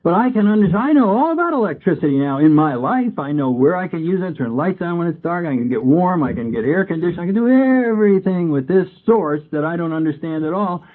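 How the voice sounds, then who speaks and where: A man's voice: sits high, animated, quick pace, hardly any pauses. Man sharing his recovery story at a meeting, chatty, acts out old conversations; lo-fi tinny tape. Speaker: AA speaker.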